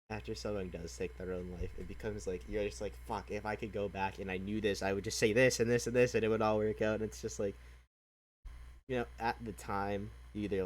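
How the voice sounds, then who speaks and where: A young man hosting a reaction video, talking in a halting, earnest way with frequent swearing. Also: low-pitched, rough recording. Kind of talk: casual reaction commentary.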